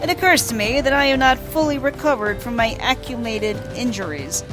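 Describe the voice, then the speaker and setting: A woman voicing a pompous, theatrical male gentleman adventurer from a video game, grandiose and melodramatic. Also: fairly high pitch, brisk, over music, pitched above the performer's own voice, lightly acted. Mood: grand. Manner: grandiose, melodramatic, overblown delivery.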